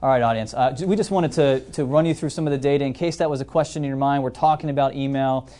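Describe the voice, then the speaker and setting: An energetic man hosting a live marketing webinar, addressing the audience directly and often checking in with "okay?". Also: mid-range voice, fast talker. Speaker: webinar host.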